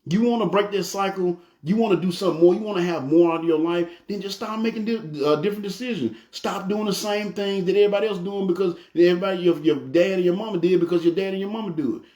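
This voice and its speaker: A man's voice: high voice, quick pace, few pauses. A middle-aged man preaching in a casual, storytelling way, acting out family quotes. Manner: folksy, animated storytelling with acted family quotes. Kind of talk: conversational sermon. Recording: echoey room.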